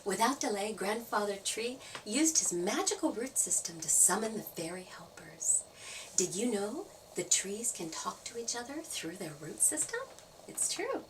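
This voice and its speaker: A woman storyteller reading a children's story aloud, playful and expressive. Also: medium pitch, a little slow, distant mic, noisy background. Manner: expressive, playful sound effects.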